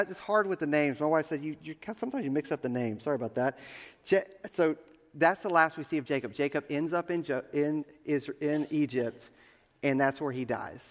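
Brief: male pastor, slightly higher voice, chatty storyteller's sermon, long hall reverb. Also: a little fast. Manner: conversational storytelling, addressing the congregation directly.

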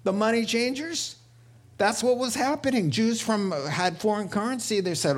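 Animated male pastor, higher voice. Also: normal speed. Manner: animated storytelling with voiced quotes and laughter. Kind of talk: sermon.

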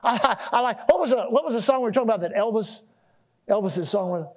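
A pastor preaches a sermon in a high, fast male voice, building his points by questioning the congregation and repeating words. His delivery is animated call-and-response, with repeated and restarted words and loudness that rises and drops.

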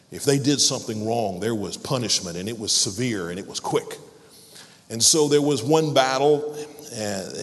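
A man preaching a sermon, telling a story and then praying, building from quiet to loud peaks. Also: fairly low pitch, in a large hall. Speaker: pastor.

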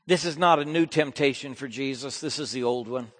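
A male preacher delivering a sermon, swinging from hushed, slow lines to loud, fervent ones. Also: mid-range voice.

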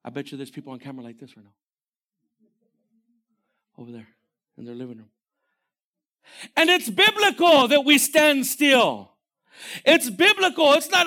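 High-pitched bright-voiced male pastor preaching. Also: normal speed, long pauses. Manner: animated, swings from shouting to near-whisper. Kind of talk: sermon.

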